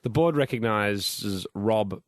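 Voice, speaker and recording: Man, halting delivery full of ums, reads a listener email aloud, dry close sound. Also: fairly low pitch, expressive, dry recording. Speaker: podcast co-host reading a listener email. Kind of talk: casual comedy chat.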